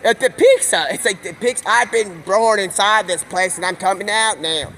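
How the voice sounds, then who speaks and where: A man with a high, bright, tense voice spins a rambling, made-up story live on stream, jumping between quoted characters without stopping. He talks in one long improvised flow. Faint traffic noise hums behind him. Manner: rapid stream-of-consciousness, slips into quoted voices.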